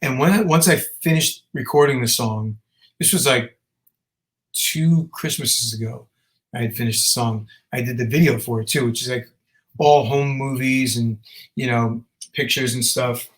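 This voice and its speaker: A man's voice: medium pitch, normal speed, rough recording. A man, a musician and father, chatting as an interview guest, telling a story animatedly with fillers and restarts. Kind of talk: casual interview chat.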